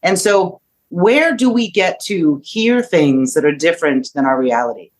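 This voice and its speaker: A woman's voice: on the low side, measured pace. Reflective woman in her fifties. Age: 50s. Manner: reflective, asks rhetorical questions. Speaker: podcast guest. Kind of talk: casual discussion.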